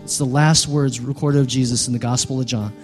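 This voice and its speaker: A male pastor preaching a sermon, building to loud, emphatic peaks and dropping quiet again. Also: mid-range voice, steady tone, a little fast, soft background music.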